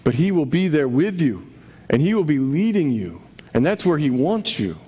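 A man's voice: fairly high pitch, sing-song, moderate pace, warm tone, breathy edge. Conversational man preaching a sermon. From Connecticut. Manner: conversational preaching with rhetorical questions. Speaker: pastor.

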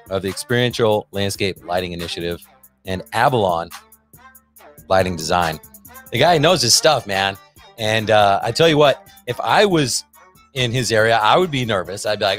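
A man's voice: fairly low pitch, animated, fairly quick, fairly bright tone, faint music behind. A middle-aged man hosting a podcast, talking casually in an upbeat, salesy pep-talk manner, with lots of fillers. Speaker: podcast host. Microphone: podcast microphone.

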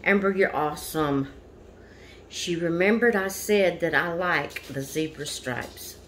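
Woman vlogger, unhurried and effusive, noisy home recording. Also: fairly low pitch, fairly bright tone. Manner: gushing, repeatedly thanking and exclaiming. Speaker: vlogger unboxing a doll. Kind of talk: casual unboxing chat. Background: household noise, dog barking.

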